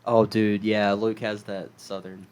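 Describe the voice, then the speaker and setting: A man's voice: on the low side, flat delivery, measured pace, darkish tone, clean tone. A young man from South Carolina co-hosting a podcast, chatting casually, laughing often and swearing now and then. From South Carolina, USA. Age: young adult. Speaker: podcast co-host. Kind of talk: casual chat.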